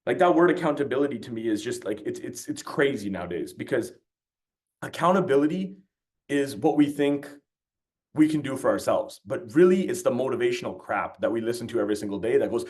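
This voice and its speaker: A man's voice: mid-range voice, big pitch swings, fairly quick, a little mellow. A man giving a motivational talk, telling stories bluntly and swearing freely. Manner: blunt and profane, with storytelling energy. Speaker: motivational speaker.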